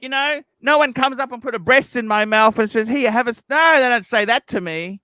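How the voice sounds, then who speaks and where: A man with a high, bright, ringing voice pours out grievances in a rambling livestream chat, swearing freely and feeling sorry for himself. The sound is dry and close, with no room around it. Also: a little fast, clean tone, no echo. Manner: complaining, swearing, self-pitying. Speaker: livestream host.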